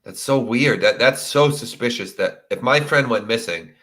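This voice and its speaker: A man's voice: mid-range voice, normal speed, a bit bright. A man hosting a live true crime show, talking casually with lots of fillers and sympathy. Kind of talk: live stream interview.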